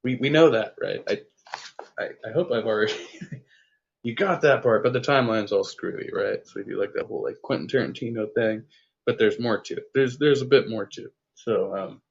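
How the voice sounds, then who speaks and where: A man's voice: lowish voice, a little fast, vocal fry, a little hiss or hum. A man reading his own first-person story aloud, then chatting casually and self-deprecatingly about his writing. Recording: lo-fi, dull sound.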